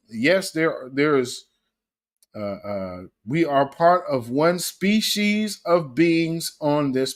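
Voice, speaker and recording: Hosting a casual livestream, a man with a fairly high voice reacts to clips with animated commentary. He laughs often and greets viewers by name.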